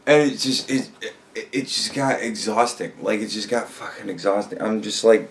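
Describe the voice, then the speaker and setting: A man's voice: fairly low pitch, normal speed. Profane, rambling man ranting. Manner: profane, rambling, exasperated, often laughing. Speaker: commentary vlogger. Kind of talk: casual reaction rant.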